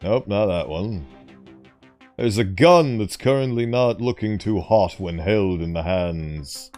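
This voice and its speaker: Brief: male gaming commentator, slow and drawn out, playful grandiose asides over light music. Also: lowish voice, darkish tone. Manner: theatrical, mock-grand asides. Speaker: gaming YouTuber. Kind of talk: casual gameplay commentary.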